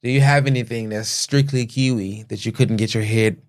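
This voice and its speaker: American man with a Chicago accent, podcast host, relaxed, joking, casual chat. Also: medium pitch, brisk. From Chicago, USA.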